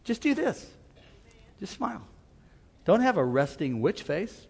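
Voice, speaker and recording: A man's voice: high-pitched, very animated, measured pace, creaky, darkish tone, husky. A man preaching a sermon, mixing call-and-response cries with casual asides. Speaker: pastor. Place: church sanctuary. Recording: long hall reverb.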